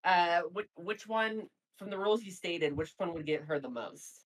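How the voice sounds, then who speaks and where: A woman playing a tabletop game, who thinks aloud and hesitates over her moves. Her voice is very low for a woman. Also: moderate pace, poor audio. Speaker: player. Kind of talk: casual tabletop play.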